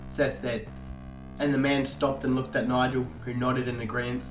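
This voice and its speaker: Male narrator, mid pitch, steady storytelling, roomy echo, faint guitar behind. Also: moderate pace. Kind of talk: audiobook narration. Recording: echoey room, faint guitar music.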